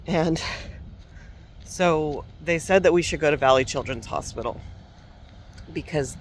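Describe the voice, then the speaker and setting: A woman with a fairly low voice tells a personal story slowly and candidly, pausing to reflect and laughing softly now and then. Faint outdoor traffic hums behind her. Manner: reflective and unhurried, with soft laughs and restarts. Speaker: parenting coach.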